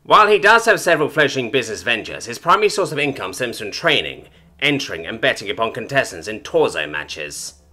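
A man's voice: mid-range voice, sing-song, a little fast, bright, forceful tone, heavily acted. A man voicing a haughty, cold female alien information broker in a storybook reading, with clipped, formal, disdainful speech. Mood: weary, haughty.

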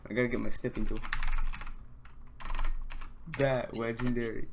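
A young man live-streaming a game, talking casually and excitedly, swearing a lot as he fanboys over another player. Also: medium pitch, a little fast, pauses often, slight background noise. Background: keyboard typing and mouse clicks.

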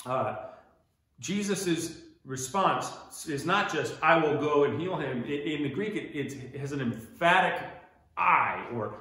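In a very echoey church room, a man with an American accent leads a casual Bible study, pointing along a map as he explains and frequently restarting his sentences. His voice is a little high and a bit bright.

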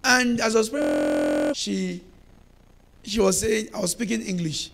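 A man preaching a charismatic sermon as pastor, fervent and emphatic, repeating phrases and bursting into shouts. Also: high voice, wildly swooping pitch, measured pace, gravelly. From Nigeria.

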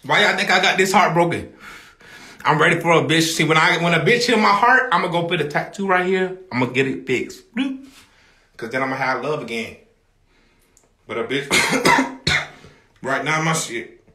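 A man hosting a livestream, talking casually to his viewers in a loud, rambling, profane way and often shouting. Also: fairly high pitch, moderate pace, long pauses, roomy sound.

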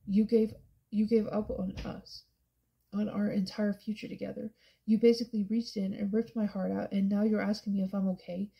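A woman reading the part of a heartbroken young man who talks in a strained, hushed voice, in an audiobook. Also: medium pitch, little pitch movement, a little fast, creaky, slightly rough, lo-fi sound. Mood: anguished.

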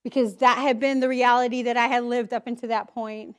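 A woman with a high voice gives a personal testimony at church. She speaks candidly and with feeling, slipping into her own inner voice as she tells the story. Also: little pitch movement, a little fast. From Idaho, US.

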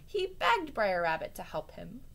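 A woman teacher reading a story aloud to her students. She is unhurried and highly expressive, with a pitch that rises and falls widely, and she breaks off for chatty asides to the children. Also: creaky.

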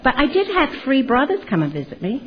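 A woman's voice: high voice, wildly swooping pitch, fairly quick, crowd noise. An older woman giving a chatty, humorous personal testimony about her life. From Canada. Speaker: testimony speaker. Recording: dull lo-fi recording.

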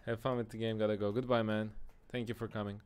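A man's voice: fairly low pitch, flat delivery, fast talker, a little mellow, smooth. A man streaming a video game, giving casual commentary and muttering frustrated asides to himself.

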